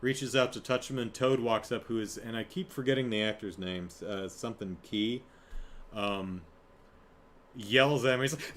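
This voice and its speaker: A man's voice: mid-range voice, moderate pace, fairly bright tone. Rambling male podcast host. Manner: rambling, self-interrupting, laughs, acts out quotes. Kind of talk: casual solo review chat.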